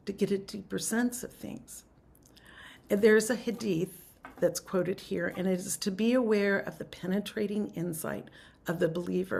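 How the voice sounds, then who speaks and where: A woman leading a spiritual class on a video call, teaching in a soft, reflective, unhurried way and guiding a chant. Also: mid-range voice, creaky, breathy edge.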